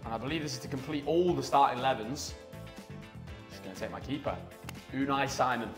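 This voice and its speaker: A man's voice: mid-range voice, a little fast, over music. A young man playing a football video game, cheeky and boastful as he trades jabs with friends. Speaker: gaming video presenter. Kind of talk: casual banter over video games. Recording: echoey room.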